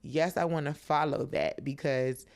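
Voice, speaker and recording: A woman, a comedian appearing as a podcast guest, talks casually and retells stories in an animated way, using a lot of "like" fillers. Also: sits low, unhurried, vocal fry. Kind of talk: casual chat.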